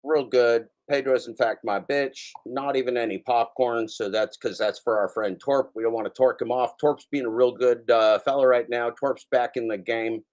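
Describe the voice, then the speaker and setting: Taunting, profane livestream ranter. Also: male voice, medium pitch, fairly even intonation, moderate pace, few pauses, darkish tone. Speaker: livestream host. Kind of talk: ranting casual commentary.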